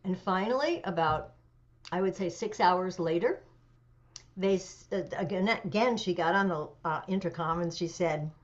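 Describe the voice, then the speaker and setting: A woman in her seventies, an interview guest telling a personal story with animation, pauses and fillers. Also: fairly low pitch. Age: 70s. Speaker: interview guest, memoir author. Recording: dull lo-fi audio.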